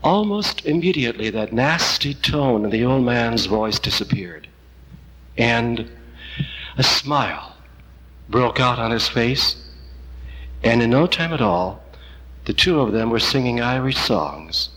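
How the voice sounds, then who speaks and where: A man preaching a sermon, telling a story slowly and gently with long pauses. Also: mid-range voice, animated, breathy edge, long reverb tail, poor audio. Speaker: priest.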